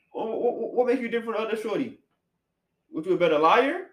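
A man hosting a casual podcast chat, animated and slangy, swinging between loud bursts and quiet asides. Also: sits high, quick pace. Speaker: podcast host. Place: apartment room. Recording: echoey room.

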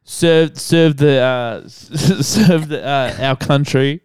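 A man's voice: mid-range voice, takes it slowly, a little mellow, clean tone, no room sound. Giggly, rambling Australian man. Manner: giggly, rambling, swearing freely. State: stoned. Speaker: podcast co-host. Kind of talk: casual podcast chat.

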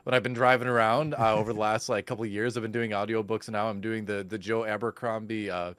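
A man co-hosting a podcast, talking in a relaxed, thoughtful, slightly rambling way. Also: lowish voice, fast talker, no echo. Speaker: podcast co-host. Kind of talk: casual podcast chat.

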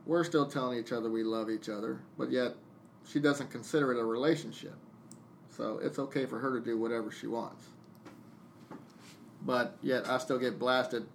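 A man of middle pitch telling a story on a podcast, blunt and full of swearing. He jumps into both sides of remembered arguments as he talks, with a faint hiss under the recording. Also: steady tone, moderate pace, gravelly. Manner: venting, blunt and profane, jumping into quoted dialogue. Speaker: podcast guest, DJ. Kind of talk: casual storytelling chat.

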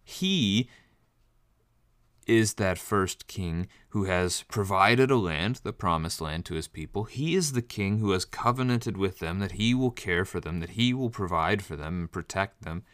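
A man with a very low, deep voice delivers a teaching sermon, walking through scripture and stressing key phrases. He reads verses slowly and then explains them plainly. The sound is close and dry, with no room around it. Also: expressive, a bit bright, no echo. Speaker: preacher. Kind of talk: bible study sermon.

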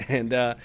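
Rambling man chatting casually on a podcast. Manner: rambling, halting, full of fillers and restarts; acts out game dialogue in quick voices. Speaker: podcast co-host. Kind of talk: casual chat.

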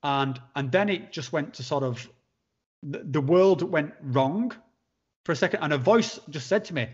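Man, podcast guest, slightly high voice, halting storytelling, repeats words, muffled lo-fi audio. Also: animated, breathy edge. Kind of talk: conversational storytelling. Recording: dull lo-fi sound.

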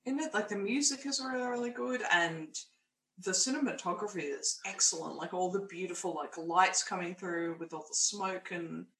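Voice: medium pitch, normal speed, bright, forceful tone. A young adult with an Australian accent co-hosting a casual film review chat, speaking frankly and crudely. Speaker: podcast co-host. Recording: roomy echo, faint background noise.

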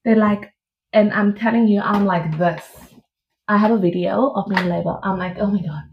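A young woman casually telling her own birth story, animated and laughing as she acts out what she said back then. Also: medium pitch, normal speed, noisy background. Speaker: podcast guest. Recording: dull lo-fi audio.

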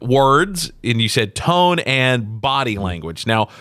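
Middle-aged male co-host, animated storyteller with a wide-ranging voice, dry studio sound. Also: mid-range voice, slow pace, dry recording. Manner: animated storyteller, acts out quotes, laughs often. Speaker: podcast co-host. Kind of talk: casual chat.

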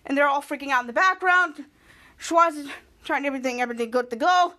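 A woman hosting a podcast, recapping a TV episode in a rambling, repetitive way and loudly acting out the quotes. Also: high-pitched, quick pace. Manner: rambling, repeats herself, acts out quotes loudly. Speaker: podcast host.

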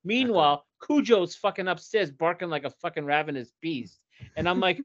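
On a podcast, a male co-host tells a long, profane story in casual chat, acting out plenty of voices along the way. His voice is a little high and fairly bright, animated at a normal speed. The audio is dry, dull and lo-fi.

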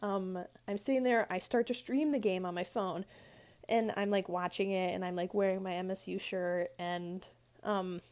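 A woman's voice: mid-range voice, steady tone, normal speed, a little mellow. A young woman telling a rambling story in a casual chat style, full of fillers and asides. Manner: rambling, chatty, lots of "like" fillers. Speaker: vlogger.

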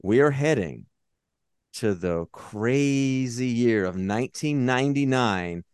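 A man's voice: medium pitch, slow, smooth, no room sound, clean studio sound. A man co-hosting a movie podcast, chatting casually and swearing often as he gets worked up about films. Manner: profane, animated movie talk. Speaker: podcast co-host. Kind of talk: casual chat.

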